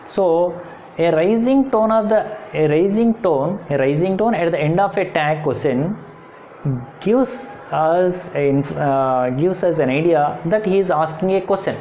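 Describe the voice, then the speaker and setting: A woman teaching a grammar lesson, repeating key points emphatically and pausing with frequent fillers. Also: low-pitched, mellow, a little hiss or hum. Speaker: English teacher.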